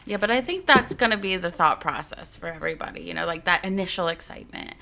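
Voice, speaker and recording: A woman co-hosting a podcast in casual chat, animated and acting out her own thoughts. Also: lowish voice, fast, gravelly. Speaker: podcast co-host.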